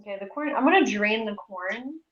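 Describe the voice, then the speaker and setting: Swearing and chatting as she cooks on a livestream, this forties woman is self-deprecating and talks fairly quickly and animatedly in a mid-range, slightly bright voice. She's in her home kitchen, where the room echoes and the audio sounds dull and lo-fi.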